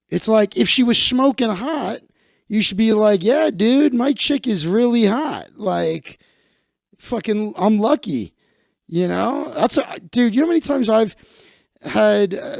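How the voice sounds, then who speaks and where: Animated high-voiced man with gravelly edge. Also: dry recording, studio quality. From Chicago. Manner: swearing, acts out others in higher voices. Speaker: livestream host. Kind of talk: casual comedic rant.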